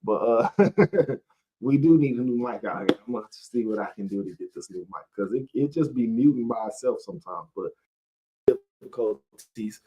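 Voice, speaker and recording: Male street preacher, middle pitch, loose conversational delivery with frequent laughs. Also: expressive, moderate pace, warm tone, breathy edge, muffled recording. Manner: rambling, conversational, laughs often. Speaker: member of a street religious group. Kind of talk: casual preaching talk.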